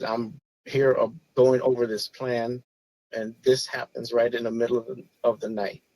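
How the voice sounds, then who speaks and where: A man in his forties, a podcast guest, telling a personal story in an earnest, halting way with frequent restarts. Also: medium pitch, no room sound, rough recording. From Chicago area. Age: 40s. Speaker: podcast guest, former police officer. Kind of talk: personal story, casual talk.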